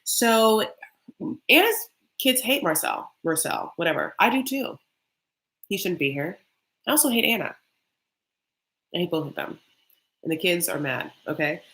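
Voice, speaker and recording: A young woman hosting a reality-TV recap vlog, ranting bluntly and profanely, with quick mocking impressions of the people she describes. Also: fairly low pitch, expressive, a bit bright. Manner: mocking, with quick acted-out quotes. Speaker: recap vlogger.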